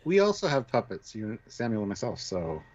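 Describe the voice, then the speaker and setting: A man co-hosts a livestream, reading out viewer comments with dry, teasing asides. His pitch moves around a lot, and the lo-fi mic leaves him sounding muffled. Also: huge pitch swings, a little fast, a little mellow. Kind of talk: casual livestream chat. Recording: dull lo-fi mic.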